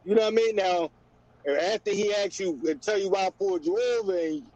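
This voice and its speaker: A middle-aged man, talking in a relaxed casual chat and repeating "you know what I mean". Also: sits high, fairly quick, no echo. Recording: dry, dull lo-fi sound.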